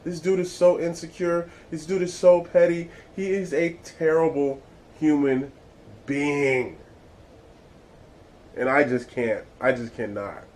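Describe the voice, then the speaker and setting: A man's voice: a little high, steady tone, takes it slowly, darkish tone, rough recording. A man hosting his own vlog, giving blunt, exasperated and profane commentary. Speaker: vlog host. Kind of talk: casual ranting commentary.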